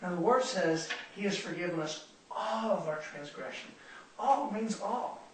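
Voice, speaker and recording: A man leads a Bible study in a sermon style, earnest and repeating his words to drive points home. His voice sits high for a man. He is recorded from a distance in a very echoey room with a faint hiss behind him. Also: lively intonation, unhurried.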